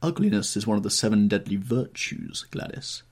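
A man voicing a languid aristocratic gentleman who drawls out witty paradoxes in an audiobook reading. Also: lowish voice, animated, moderate pace, slightly rough. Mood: wry.

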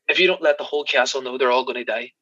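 An Irish man, a podcast guest, telling animated stories in casual chat, swearing and laughing as he goes. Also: medium pitch, very fast, dry recording, highs cut off. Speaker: podcast guest, special effects crew member.

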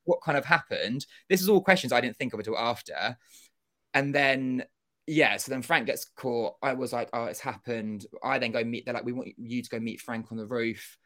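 A young man telling a story as an interview guest, animated and acting out quoted dialogue, with casual swearing. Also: medium pitch, normal speed. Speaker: interview guest, former contestant.

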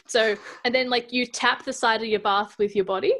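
An Australian woman with an Adelaide accent, chatting casually as a podcast co-host, hesitant with ums and quick to laugh. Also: fairly high pitch, steady tone, a bit bright. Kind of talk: casual chat.

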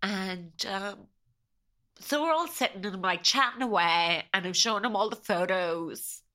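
A woman's voice: mid-range voice, a little slow, bright, forceful tone. A young woman, a podcast guest, telling a personal story in a chatty way, often quoting herself and her family.

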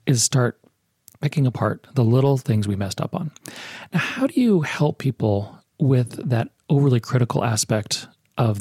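A man's voice: mid-range voice, a little mellow, husky, no room sound, studio quality. A man interviewing a guest in an affirming, reflective way, building on her points before asking questions.

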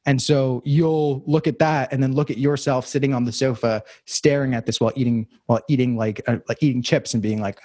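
A young man with a slightly husky voice talks in a loose, reflective way, circling back and restarting his sentences. The sound is dry and close, with almost no room around it. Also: mid-range voice, fairly even intonation, brisk, few pauses, mellow, no room sound. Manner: rambling, reflective, many fillers and restarts. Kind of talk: casual conversation.

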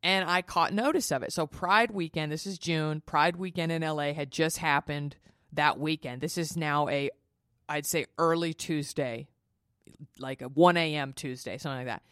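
A woman's voice: sits low, moderate pace, a bit bright, no room sound, studio quality. A young woman hosting a podcast, telling a personal story in a chatty, emotional way and acting out the dialogue. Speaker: podcast host. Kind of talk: casual storytelling.

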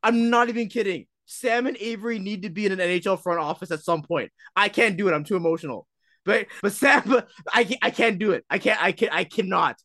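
Excitable high-voiced man, dry sound. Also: fairly quick, no room sound. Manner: excitable, emphatic, laughs a lot. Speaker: podcast co-host. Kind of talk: casual chat.

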